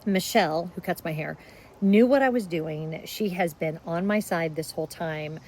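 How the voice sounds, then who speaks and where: Chatty woman vlogger, slightly low voice. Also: moderate pace, a little hiss or hum, poor audio. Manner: chatty, warm-hearted, emotional in places. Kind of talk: casual talk to camera.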